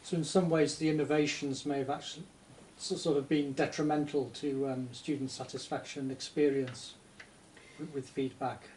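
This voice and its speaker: Hesitant male interviewer, slightly high voice. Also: little pitch movement, moderate pace, darkish tone. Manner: hesitant, with stumbles and fillers. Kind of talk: interview questions. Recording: distant mic, faint noise.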